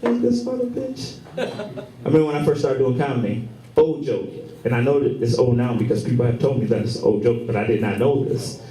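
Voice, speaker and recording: A man in his thirties doing a profane, animated stand-up set, acting out the people in his stories. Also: mid-range voice, a little hiss or hum. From Michigan, US. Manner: profane, animated storytelling with acted-out quotes. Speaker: stand-up comedian. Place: comedy club stage with laughing audience. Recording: roomy club recording from far off, crowd laughter.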